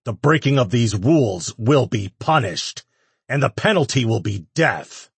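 A man voicing a furious young male demon lord who growls loud, commanding threats. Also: mid-range voice, very animated, slow pace, gravelly, husky, dry recording, voice pushed up, exaggerated voice. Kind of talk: audiobook character voice.

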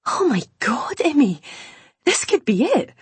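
A fussing, excitable mum, middle-aged and husky, put on by a woman reading a story. The voice sits higher and livelier than plain narration. The sound is close and dry. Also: measured pace, dry recording, full character voice. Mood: fussing, eager. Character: warm excitable Scottish mother, middle-aged.

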